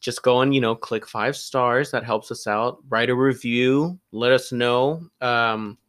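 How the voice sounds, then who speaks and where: A young man co-hosts a casual film podcast, recapping plots in a loose, rambling way. He drops the odd curse word and talks in an easygoing tone. His voice sits in an ordinary middle pitch. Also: measured pace, fairly bright tone, smooth. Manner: chatty, swears casually, retells plots loosely. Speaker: podcast co-host. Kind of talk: casual chat.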